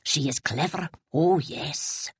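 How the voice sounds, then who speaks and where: Woman reader doing a stately elderly widow in an audiobook, low and measured, dry close read. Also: husky, no echo, full character voice. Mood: firm. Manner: slow, measured, formal speech. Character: stately old Highland widow, proud, formal.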